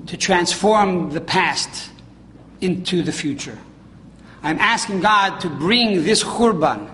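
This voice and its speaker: A man giving a sermon, telling a story emphatically and rising in pitch on quoted questions. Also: a bit bright. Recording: hall reverb, faint ambience.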